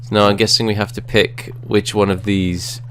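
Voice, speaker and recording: A man with a fairly low voice chats casually over a video game and reads its menus and story text aloud. Faint background noise from a home setting sits under the voice. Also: level tone, moderate pace, a bit bright. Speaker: co-host playing a game. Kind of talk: casual gaming chat.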